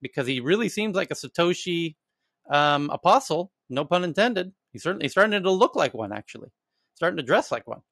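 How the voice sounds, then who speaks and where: Male host, bright forceful voice, bone-dry sound, animated storyteller. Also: fairly high pitch, a little fast, no echo. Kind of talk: casual live audio chat.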